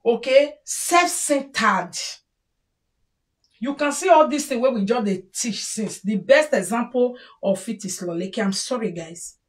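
Woman, Nigerian accent, high voice, lecturing, scolding, casual advice. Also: animated, measured pace, far from the mic. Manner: lecturing, scolding, mixing pidgin. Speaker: vlogger. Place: home.

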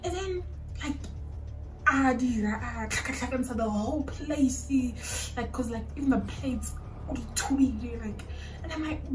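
A woman's voice: high voice, unhurried, far from the mic, slight background noise, rough recording. A woman in her twenties with a South African accent, telling a personal story casually, switching languages and acting out what people said. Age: 20s. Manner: animated, acts out quotes. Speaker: storytime vlogger. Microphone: phone camera.

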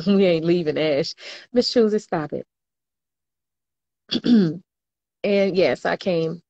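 A woman's voice: fairly low pitch, slow pace, a little mellow, lo-fi sound. A woman, chatting casually on a livestream and reading viewer comments aloud with slangy laughter. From New Orleans, US. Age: 20s. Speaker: livestream host.

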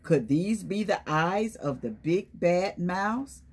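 With a low, darkish voice that has a breathy edge, a woman presents a children's storytime, reading a picture book aloud slowly and animatedly. She frequently stops to put questions to the young listeners, calling on each by name.

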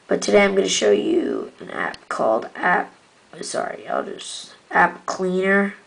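A woman's voice: lowish voice, very animated, a little slow, creaky, rough recording. A woman hosting a casual app tutorial, rambling and correcting herself as she talks to viewers. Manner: rambling, self-correcting, addresses viewers as guys. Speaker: channel host showing software.

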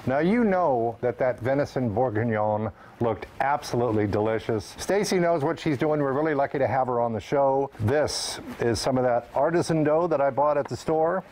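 A man hosts an upbeat cooking show, chatting in a folksy way while he makes pizza. His voice is medium in pitch and a little mellow, at normal speed, with slight background noise.

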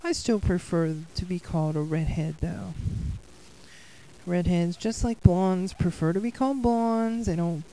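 Puss in Boots, a woman doing a mellow laid-back cartoon tomcat. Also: lowish voice, pitched below the performer's own voice, low-quality recording. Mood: easygoing. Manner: rambling, halting, chuckling. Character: easygoing laid-back male cartoon cat. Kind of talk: fan-made cartoon voice acting.

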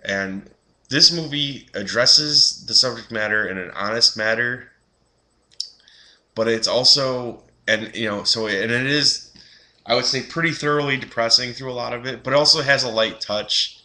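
A man's voice: mid-range voice, normal speed, bright, forceful tone. A young man giving a casual, rambling film review, full of fillers and restarts.

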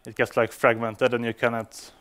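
A man's voice: medium pitch, monotone, moderate pace, a bit bright, clean tone. A man giving a conference talk to developers, speaking English as a non-native speaker, with frequent fillers and restarts. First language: Swedish. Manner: hesitant, many fillers and restarts.

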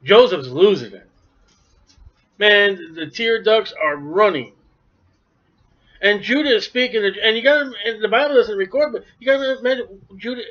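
A man's voice: sits high, animated, normal speed, long pauses, fairly bright tone. A man preaching a sermon, talking animatedly and acting out the voices of biblical figures. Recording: dull lo-fi recording.

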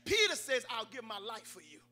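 Bright, high-voiced preacher man. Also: big pitch swings, fairly quick, soft background music. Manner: call-and-response preaching, shouting climaxes. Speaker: pastor. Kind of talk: sermon. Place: church sanctuary.

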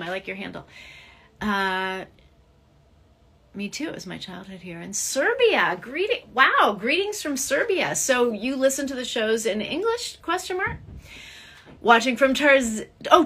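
A middle-aged woman chats casually during a live autograph stream, reading viewer comments aloud. Her voice is bright and somewhat husky, with mid-range pitch. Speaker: voice actress signing autographs.

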